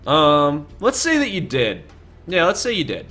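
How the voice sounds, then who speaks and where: A man narrating and running a tabletop game as game master, in a casual, halting way, over faint music. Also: a little high, huge pitch swings, sharp tone.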